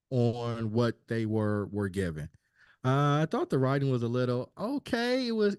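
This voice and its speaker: A man co-hosting a casual podcast chat, talking in an animated, slangy, conversational way. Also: mid-range voice, dry recording, studio quality.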